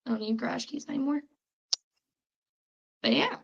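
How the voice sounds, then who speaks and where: A woman's voice: sits high, sing-song, normal speed, vocal fry, breathy edge, muffled recording. A young woman with a Chicago accent hosting a casual podcast quiz, chatty and rambling, with many fillers and restarts. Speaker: podcast host running a quiz. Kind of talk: casual chat.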